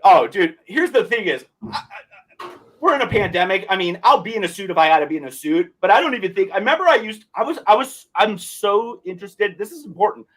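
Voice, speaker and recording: A man's voice: sits high, lively intonation, quick pace, fairly bright tone, low-quality recording. A young man chatting casually on a podcast, laid-back, full of slang and swearing. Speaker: podcast host. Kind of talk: casual chat.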